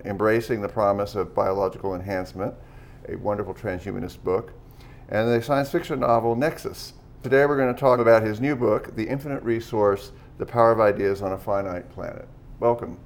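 A man hosting an interview, asking probing and skeptical questions. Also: on the low side. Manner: skeptical, challenging. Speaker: interviewer and host.

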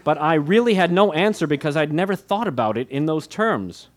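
A man's voice: on the high side, lively intonation, brisk. A man reading his own memoir aloud, with wry, candid, self-mocking humor and light laughs between phrases. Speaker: author narrating his memoir. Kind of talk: audiobook memoir narration.

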